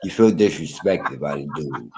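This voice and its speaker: A man with a very deep voice chatting about boxing in a laid-back way. He keeps things short and reactive. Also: expressive, moderate pace, background noise. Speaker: show co-host. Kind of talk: casual sports chat.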